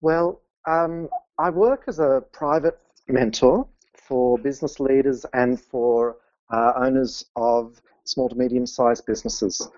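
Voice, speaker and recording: A man's voice: mid-range voice, slow pace, darkish tone, no room sound, highs cut off. A middle-aged man, a business mentor and podcast guest, who speaks earnestly, laughs often and gets openly emotional. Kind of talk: conversational interview.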